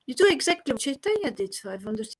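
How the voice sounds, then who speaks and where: A woman's voice: high voice, sing-song, fast talker, slightly rough, no room sound, poor audio. A woman earnestly sharing devotional feelings in a group, repeating phrases. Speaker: group member.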